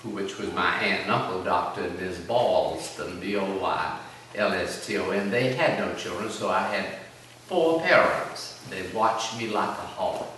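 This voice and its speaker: A man's voice: low voice, a little slow, a bit bright. Older man reminiscing, echoey room. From South Carolina, US. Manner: rambling, folksy, self-deprecating. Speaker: oral history interviewee. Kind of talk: reminiscing storytelling. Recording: echoey room, distant mic, noisy background.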